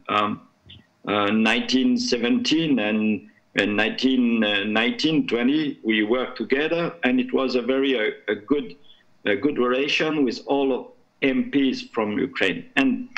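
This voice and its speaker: Man, French native speaker, slow and halting, searching for words, muffled lo-fi audio. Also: medium pitch, fairly bright tone. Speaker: panel guest, French parliamentarian. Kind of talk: panel discussion remarks.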